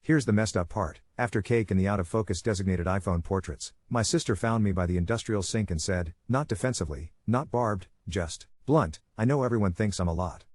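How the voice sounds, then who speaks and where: A man reads a first-person story aloud in a dry, wry way. His voice sits a little low. The recording is dry and close, with no room sound. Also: fairly quick, few pauses, a little mellow, dry recording. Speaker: narrator. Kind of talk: scripted story narration.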